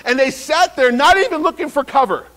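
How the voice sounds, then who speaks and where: High-voiced pastor preaching a sermon. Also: male voice, a little fast, low-quality recording. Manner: lively preaching with repeated phrases and restarts.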